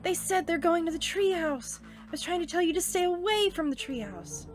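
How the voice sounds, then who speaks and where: A woman voicing a panicked young boy who yells warnings. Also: very high-pitched, steady tone, moderate pace, soft background music, pitched above the performer's own voice. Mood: frantic. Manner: frantic, loud.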